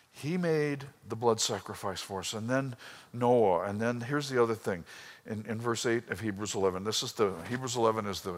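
A man preaching a sermon, telling a personal story with emotion and swinging between loud bursts and hushed lines. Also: lowish voice, in a large hall. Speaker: pastor.

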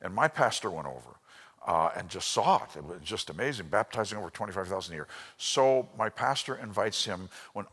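A man's voice: sits low, fairly bright tone, breathy edge. A man teaching a sermon from an outline, telling stories and acting out the people he quotes. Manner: storytelling, voices quotes, drops to a whisper. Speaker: Bible teacher. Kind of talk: lively sermon with anecdotes. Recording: long hall reverb.

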